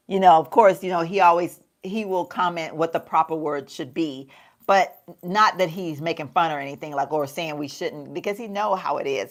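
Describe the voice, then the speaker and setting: A Southern woman talks to her viewers as she gets ready in front of the camera. Her voice sits a little low, and her manner is folksy and chatty, with plenty of laughs and "y'all.". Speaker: lifestyle vlogger. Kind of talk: casual chat while doing makeup.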